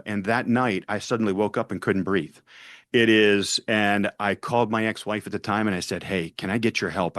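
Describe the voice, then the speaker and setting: Low-voiced man telling his story. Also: a bit bright, dry recording, clean studio sound. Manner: earnest storyteller, acts out dialogue. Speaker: podcast guest. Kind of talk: personal story in an interview.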